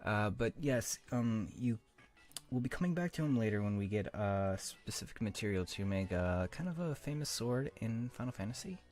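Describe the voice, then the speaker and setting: A man's voice: lowish voice, lively intonation, normal speed, darkish tone. A young man hosting a let's play, chatting casually and rambling with lots of fillers and self-mocking asides. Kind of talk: casual gameplay commentary.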